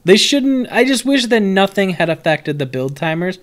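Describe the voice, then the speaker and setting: A young man giving casual, animated live-stream commentary on a card set, joking, swearing and answering his chat. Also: high voice, normal speed.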